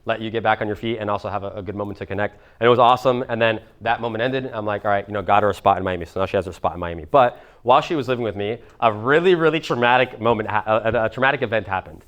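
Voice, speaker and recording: A man's voice: lowish voice, racing, hardly any pauses, a bit bright. A man in his twenties telling a story at a seminar, casual and rambling, swearing now and then. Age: 20s. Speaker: motivational speaker.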